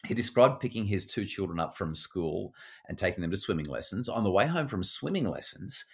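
A middle-aged Australian man with a somewhat low voice tells stories about parenting in easy conversation. He slips into the voices of the people he quotes and often repeats a word or two before a sentence gets going. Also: a little fast, gravelly. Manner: animated, acts out quoted voices, repeats words when starting sentences. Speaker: parenting educator. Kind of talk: conversational storytelling.

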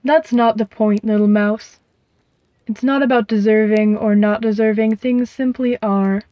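A woman voicing a huge, predatory female owl who talks in a calm, cooing, unhurried way, in a dull, dry recording. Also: on the high side, no room sound, close to an everyday voice.

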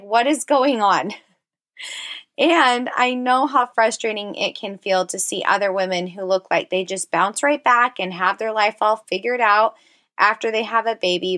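A woman's voice: medium pitch, sharp tone. Woman podcast host, 30s, chatty and encouraging, heartfelt casual monologue. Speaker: podcast host and personal trainer.

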